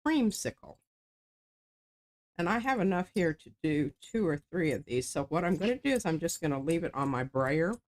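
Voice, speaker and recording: A woman's voice: deep voice, lively intonation, fairly quick, few pauses. A woman casually talking through an art stamping demo, explaining each step as she works. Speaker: artist demonstrating stamping. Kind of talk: casual craft demo chat.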